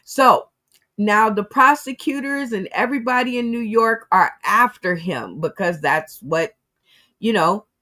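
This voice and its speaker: A woman's voice: mid-range voice, a little slow, bright, forceful tone. A woman hosting a casual commentary show, giving her opinions on the news and speaking straight to her audience. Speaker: host.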